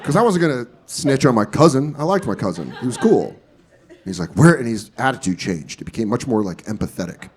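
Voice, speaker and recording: Man, stand-up comedian, comedy club stage, profane storytelling, very expressive pitch. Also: fairly quick. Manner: animated storytelling, profane, jumps into loud exaggerated character voices.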